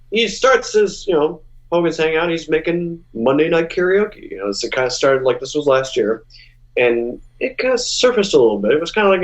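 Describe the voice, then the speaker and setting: A man talking casually as a guest musician, mid-pitched and animated, often restarting his sentences. He jumps up high when he acts out what others said. The sound is a little dull and lo-fi. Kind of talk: casual interview storytelling.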